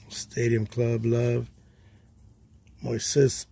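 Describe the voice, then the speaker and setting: Relaxed gravelly man chatting on a livestream. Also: mid-range voice, a little slow, pauses often. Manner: relaxed, chatty, talks to himself while sorting. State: tired, yawning. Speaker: livestream host, card collector. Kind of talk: casual livestream chat while sorting cards.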